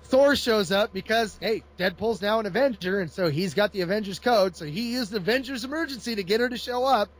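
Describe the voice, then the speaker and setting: A man's voice: high-pitched, fairly quick, hardly any pauses. A man in casual chat, retelling a comic book plot with lots of laughter and put-on voices. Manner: animated storyteller, laughs often.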